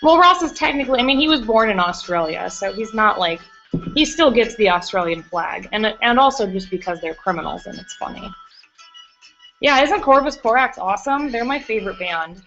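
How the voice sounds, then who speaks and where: On a livestream from her home studio, a woman with a highish, animated, fairly bright voice talks a little fast as she works. She gushes in casual replies to viewers, heard through a computer mic as muffled lo-fi audio over faint music.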